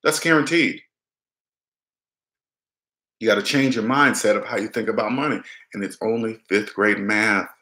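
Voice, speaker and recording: A man talks straight to his viewers about money in a blunt, insistent way and keeps circling back to his point. His voice is bright and forceful, and the room around him sounds echoey. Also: on the low side, normal speed, long pauses. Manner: emphatic, repetitive, acts out little dialogues. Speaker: personal finance vlogger. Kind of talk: casual direct-to-camera advice.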